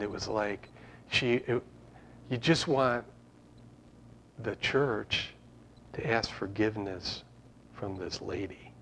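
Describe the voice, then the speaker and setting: A man preaching an informal sermon to his congregation, rambling and conversational with frequent restarts. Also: on the low side. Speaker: pastor.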